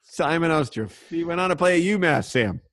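A man co-hosting a podcast, chatting casually and telling animated stories about his playing days with plenty of swearing. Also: a little high, a little fast, no echo, studio quality. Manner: animated, swears freely, acts out quotes loudly. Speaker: podcast co-host, former player. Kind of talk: casual chat, storytelling.

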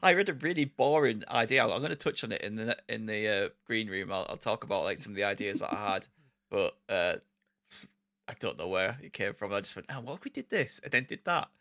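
Hesitant man, clear bright tone. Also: fairly low pitch, dry recording. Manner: hesitant, halting, many fillers. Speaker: podcast co-host. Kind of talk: casual chat.

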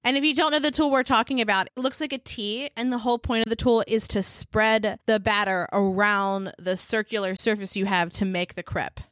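A woman's voice: mid-range voice, fairly even intonation, a little fast, few pauses, fairly bright tone, dry recording, studio quality. A woman co-hosting a casual podcast, playful and joking as she tells stories. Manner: playful, jokey storyteller. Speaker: podcast co-host. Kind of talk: casual chat.

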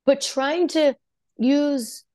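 A woman's voice: high voice, fairly even intonation, drawn-out words, a little mellow, no room sound, studio quality. A woman psychologist guesting on a podcast, explaining earnestly and emphatically in casual talk, her voice still touched by a recent cold. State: post-cold voice.

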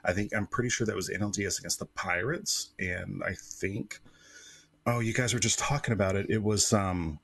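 A man's voice: lowish voice, moderate pace, gravelly, fairly bright tone, husky, no echo. A man who is a guest co-host on a podcast, telling stories in a casual, rambling way with lots of fillers. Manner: rambling storyteller, many fillers.

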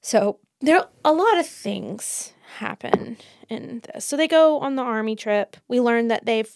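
A woman co-hosting a casual book podcast, talking in an animated, rambling way with quick restarts. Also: a little high, creaky, no room sound, clean studio sound. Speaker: podcast co-host.

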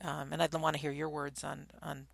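A woman's voice: low voice, level tone, brisk, gravelly, no echo. A woman hosting a radio show, who interviews her guest in a casual, encouraging way.

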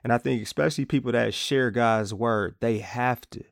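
A man's voice: medium pitch, normal speed, gravelly, dry recording, studio quality. A man hosting a podcast, teaching from the Bible in a casual, conversational way and playfully acting out quotes.

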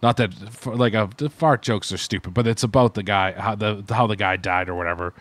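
A man's voice: lowish voice, fairly even intonation, brisk, fairly bright tone, no echo. Rambling man reviewing food. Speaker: podcast co-host. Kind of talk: casual chat.

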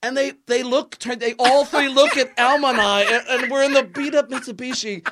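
A man's voice: very high voice, fairly even intonation, brisk, fairly bright tone. A man being interviewed as a guest, telling a funny story with lots of laughter and voices for other people. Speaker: guest, film producer. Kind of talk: animated storytelling in a podcast interview.

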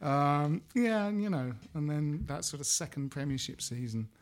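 A man's voice: on the high side, lively intonation, normal speed. A man, hosting a casual podcast chat, rambling and jokey and often correcting himself. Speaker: podcast host.

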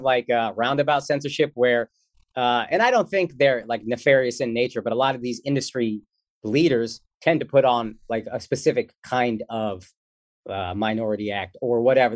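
A man who is a comedian, talking as a guest in a casual interview in an animated, joking and slangy way. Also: medium pitch, no echo, clean studio sound.

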